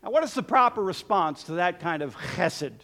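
A man preaching a sermon in a lively, humorous way, often laughing at his own jokes. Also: sits high, moderate pace.

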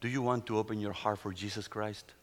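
A middle-aged man, a pastor whose first language is Spanish, tells a testimony in a sermon in halting English full of restarts. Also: on the low side, fairly even intonation. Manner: non-native English, halting storytelling with restarts.

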